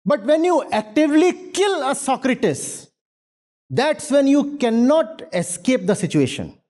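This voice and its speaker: A man giving a spiritual lecture with an animated, lively pitch and a mellow, warm tone. He speaks emphatically, pressing his points with rhetorical questions and repeated phrases. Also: unhurried. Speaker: spiritual teacher. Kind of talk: lecture with audience Q&A. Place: university lecture hall.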